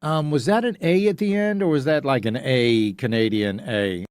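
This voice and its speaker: A man hosting a talk radio show, delivering an opinionated monologue in a sarcastic, mocking way and sounding out letters slowly for effect. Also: medium pitch, a little mellow, smooth, dry recording, clean studio sound. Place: radio studio. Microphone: studio microphone.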